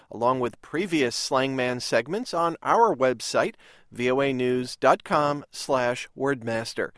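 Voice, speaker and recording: A man hosting a radio program, presenting in a clear, measured announcer style. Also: mid-range voice, a bit bright, no room sound, studio quality. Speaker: radio show host.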